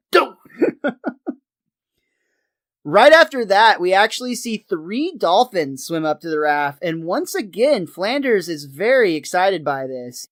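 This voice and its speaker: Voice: mid-range voice, unhurried, hardly any pauses, no room sound. A podcast co-host walks through a cartoon episode, telling it like a story and laughing along the way. The sound is dry and close, with no room around the voice. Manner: lively storytelling, laughs often, acts out quotes.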